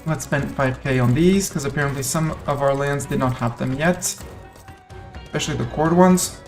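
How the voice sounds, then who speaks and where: A man's voice: mid-range voice, moderate pace, faint music behind. A man giving casual live commentary on a strategy game he is streaming, thinking aloud and playfully talking to the nations on his map.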